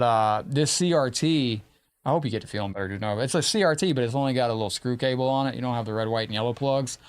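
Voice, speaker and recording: A man hosting a live gaming stream, chatting casually and excitably, praising his opponent and thanking viewers. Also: medium pitch, smooth. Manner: chatty and informal, often profane.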